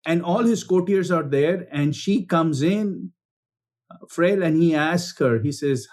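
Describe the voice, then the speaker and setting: Slow, high-pitched spiritual storyteller, husky, animated, repeats himself. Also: male voice. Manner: animated, repeats words, addresses listeners as friends. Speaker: spiritual speaker. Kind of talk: storytelling talk.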